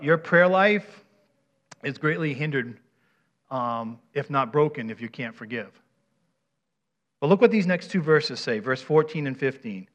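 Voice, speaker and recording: A man's voice: a little high, fairly bright tone. A man preaching a conversational sermon, often checking in with the congregation with "right?" as he leads a live demonstration. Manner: asks the audience questions, often adds "right?". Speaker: pastor. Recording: dull, muffled recording.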